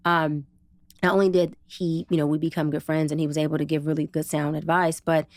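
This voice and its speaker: Woman on a podcast telling a story, low-ish voice, dry close sound, very animated. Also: brisk, no echo. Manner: expressive, casual and slangy, acts out quotes with big pitch jumps. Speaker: podcast guest, psychologist and TV producer. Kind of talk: animated personal storytelling in an interview.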